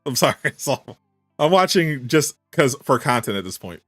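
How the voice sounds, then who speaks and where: Male streamer, casual reaction chat, incredulous and animated, mid-range voice, dry recording. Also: mid-range voice, normal speed, dry recording, soft background music. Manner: animated, incredulous rhetorical questions, frequent laughs.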